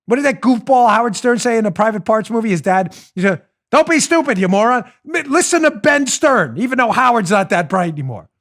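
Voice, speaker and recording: A middle-aged man hosting a political talk show, sarcastic and mocking, often breaking into loud theatrical ranting. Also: high voice, very animated, a little fast, hardly any pauses. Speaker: host.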